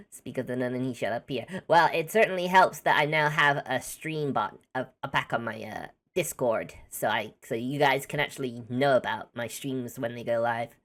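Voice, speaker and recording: A woman's voice: extremely low pitch, moderate pace, fairly bright tone. Chatty, giggly woman streamer. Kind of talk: casual game-stream chat.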